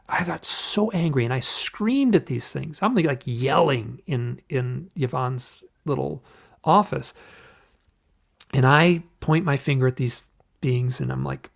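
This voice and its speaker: A man telling a personal story in an interview, halting and restarting often, acting out the voices of the people he quotes. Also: medium pitch, vocal fry. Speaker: guest.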